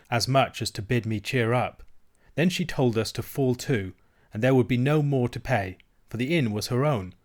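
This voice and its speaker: Here a man with a mid-range voice reads a classic novel aloud as audiobook narration. His scripted storytelling is even and measured.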